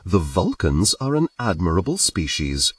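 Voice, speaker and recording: A man's voice: low-pitched, sing-song, moderate pace, dry recording, far from the mic. A man voicing an earnest male alien boyfriend who speaks in formal, precise phrases without contractions. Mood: curious.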